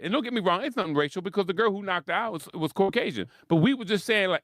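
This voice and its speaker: A man with a Philadelphia accent talking sports in a rambling, animated monologue, acting out quotes and laughing often. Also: high-pitched, fast talker, no echo, clean studio sound. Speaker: sports commentator host. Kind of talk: casual monologue.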